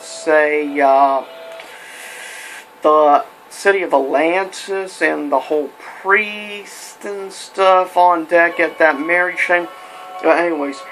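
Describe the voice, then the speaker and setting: A man's voice: a little high, sharp tone, low-quality recording. A man giving a casual, rambling movie review, with lots of fillers and restarts.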